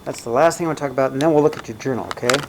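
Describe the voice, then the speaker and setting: A male math teacher walks through graphs in a relaxed, chatty way. He keeps tossing "right?" and "okay?" to his students, and his voice sits at an ordinary middle pitch. A faint hiss runs under the recording. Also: racing, rough recording. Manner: casual, checks in often with "right?" and "okay?".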